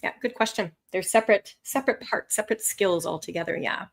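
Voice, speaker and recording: A woman instructor teaching a live online lesson, animated and expressive, with swooping pitch and frequent laughter. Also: fairly quick, gravelly. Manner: laughs often. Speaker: language test instructor.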